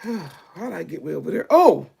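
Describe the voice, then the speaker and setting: High gravelly-voiced male preacher. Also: very animated, moderate pace, darkish tone. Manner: conversational preaching, acts out quoted speech, drops his voice low for emphasis. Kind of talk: sermon.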